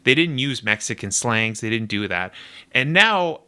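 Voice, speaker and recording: A young man casually commenting on a game trailer, animated and nitpicky, laughing often as he talks. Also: mid-range voice, measured pace, clear, resonant tone. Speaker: video reactor.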